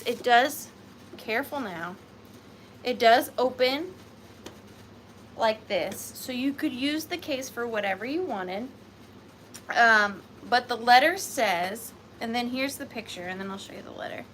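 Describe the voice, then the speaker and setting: A middle-aged woman who talks fast and gushes as she hosts a live antique-selling vlog. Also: on the high side, expressive, fairly bright tone, slight background noise. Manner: chatty and gushing, talks fast. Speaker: online antique seller.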